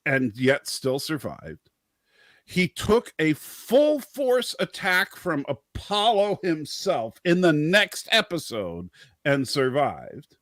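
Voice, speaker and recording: A man's voice: on the high side, no room sound. A man hosting a casual stream, his voice rising and falling a lot. He builds his theories with eager restarts. The close, dry mic gives no room sound. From Scotch-Irish descent. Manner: animated, theorizing, stumbles and restarts. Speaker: host. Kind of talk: casual chat.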